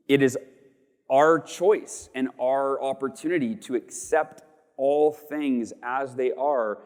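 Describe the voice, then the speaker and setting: A man giving an inspirational keynote on a conference stage, earnest and stumbling over repeated words as he speaks. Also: mid-range voice. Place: large conference hall stage. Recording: long reverb of a large hall.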